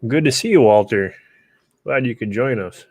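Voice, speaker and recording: A man's voice: medium pitch, animated, moderate pace, a little mellow. An easygoing man hosts a casual livestream from a rural homestead. He chats with viewers and patiently explains how to join. His voice is close and dry, with no room echo. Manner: easygoing, talks viewers through joining the stream.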